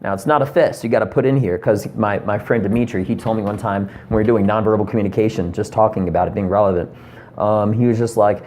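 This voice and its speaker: A man's voice: lowish voice, fairly even intonation, fast talker, darkish tone, a little hiss or hum. A man in his thirties delivering a rambling, profane comedy rant to camera, full of ums and asides. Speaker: comedian vlogger.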